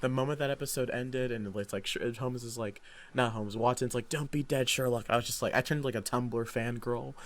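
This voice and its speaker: A young man chats casually as a podcast co-host, with a mid-pitched voice. He rambles eagerly and acts out his own past reactions as he goes. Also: steady tone, brisk. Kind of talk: casual chat.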